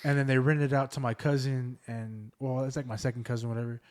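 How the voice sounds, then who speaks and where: A man's voice: medium pitch, flat delivery, fast talker, darkish tone. A man hosting a podcast, telling family ghost stories in a loose, rambling way full of fillers. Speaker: podcast host. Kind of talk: casual storytelling chat.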